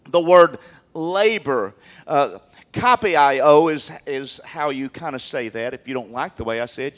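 A man preaching a sermon in church, animated, swinging from loud emphatic peaks down to quiet asides. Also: sits high. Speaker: pastor.

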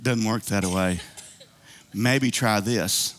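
Male preacher, bright and slightly high-pitched, folksy sermon with call-and-response. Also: lively intonation, unhurried, long pauses. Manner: preaching with call-and-response and playful asides, acting out prayers; folksy colloquial speech. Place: church sanctuary.

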